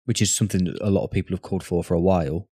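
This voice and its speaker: Deep-voiced man, teasing banter. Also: steady tone, racing, dark tone, husky, no room sound, clean studio sound. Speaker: podcast co-host. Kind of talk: casual chat over drinks.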